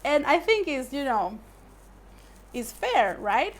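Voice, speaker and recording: Woman english teacher, slow careful delivery, a bit high voice. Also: sing-song. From Paraguay. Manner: measured, explanatory, asks "right?" often. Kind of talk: language lesson.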